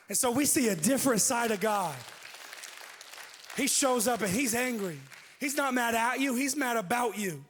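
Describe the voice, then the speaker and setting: A man preaching a sermon, telling a personal story with lively delivery and acting out what people said. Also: very high voice, moderate pace, long pauses, slightly rough. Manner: animated, acts out quoted speech. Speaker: pastor. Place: church auditorium. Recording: long hall reverb.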